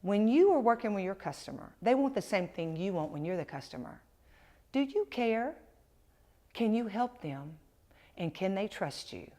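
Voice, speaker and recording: A woman's voice: medium pitch, big pitch swings, normal speed, mellow. A woman teaching communication skills to camera, telling a story and acting out both sides of the conversations.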